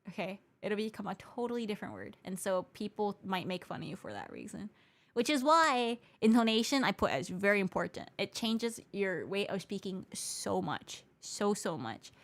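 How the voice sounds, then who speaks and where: Chatty bilingual woman streamer. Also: mid-range voice. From Hawaii. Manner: switches between English and Japanese mid-sentence; chatty, explains things patiently and repeats points. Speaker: VTuber streamer. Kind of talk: casual livestream chat, reading viewer comments.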